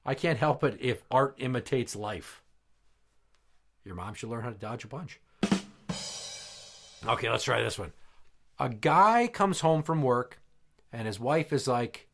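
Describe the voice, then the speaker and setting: A man with a lively, swinging voice rattles off crude old jokes as an exasperated dad. He swears freely and huffs when the jokes fall flat. His pitch rides up and down through every setup. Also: unhurried, long pauses. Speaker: comedy podcast host. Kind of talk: comedic joke-telling skit.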